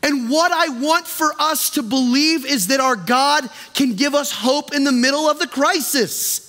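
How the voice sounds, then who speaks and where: A man preaching as pastor in a church, impassioned and then dropping soft and low to plead with the congregation. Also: unhurried. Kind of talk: sermon. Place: church sanctuary. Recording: long reverb of a church hall.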